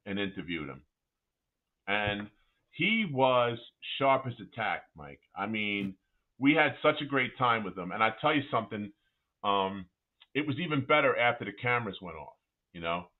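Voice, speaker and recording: A middle-aged man, a former college basketball player, telling animated anecdotes as a guest with frequent restarts. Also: fairly low pitch, moderate pace. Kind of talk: casual interview storytelling. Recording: tinny phone-like line.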